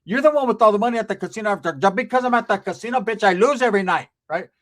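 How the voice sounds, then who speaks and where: A foul-mouthed, hot-tempered aunt berates her nephew with curses and threats, as a man puts her voice on. The voice sits a little higher and louder than a plain man's talk, with heated, scolding force. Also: racing. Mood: angry scolding. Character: foul-mouthed angry middle-aged aunt, woman.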